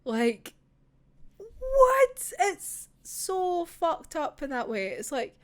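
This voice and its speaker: A young Scottish woman chatting casually about a manga in an animated, gushing way, swearing freely. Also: very high-pitched, very slow. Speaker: manga reviewer. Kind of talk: casual chat.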